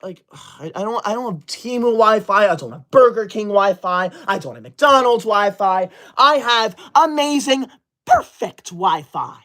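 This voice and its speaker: A woman's voice: mid-range voice, animated, a little slow, fairly bright tone. A woman, livestreaming from home on a laptop and reading viewer comments aloud in an indignant, scolding way. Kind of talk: casual live stream chat. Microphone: laptop setup.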